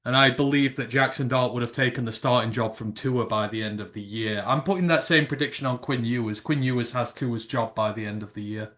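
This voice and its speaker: A British man co-hosting a casual live sports stream, teasing and animated. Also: mid-range voice, fairly quick, hardly any pauses. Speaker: podcast co-host.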